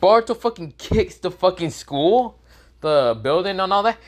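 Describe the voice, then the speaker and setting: A man's voice: high-pitched, lively intonation, moderate pace. A young man telling an improvised fan-fiction story, rambling with lots of fillers and frequent swearing.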